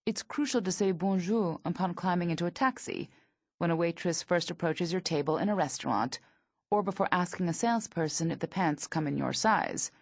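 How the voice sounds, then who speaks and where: A woman in her thirties narrating her memoir in a dry, observational manner, with a husky, gravelly voice. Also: fairly low pitch, a little fast, no room sound. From United States.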